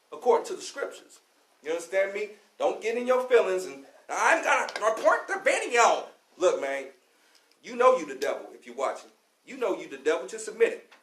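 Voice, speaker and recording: Fiery slangy man lecturing, roomy echo. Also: sits high. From Louisville, Kentucky, US. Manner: fiery, slangy, repeats "you know what I'm saying". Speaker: class teacher on a radio show. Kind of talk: preaching street-talk lecture.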